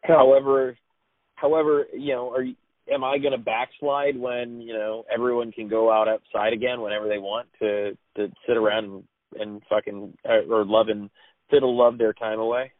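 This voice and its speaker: A man of middle pitch talks haltingly and stops often to find his words. The sound is dry and narrow, like a phone call. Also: little pitch movement, no echo. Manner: halting, hesitant, with fillers. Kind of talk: casual chat. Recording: dry, tinny phone-like line.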